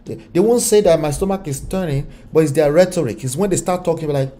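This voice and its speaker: A man's voice: fairly high pitch, brisk, few pauses, dark tone. A man with a Nigerian accent giving casual relationship commentary, firing off rhetorical questions.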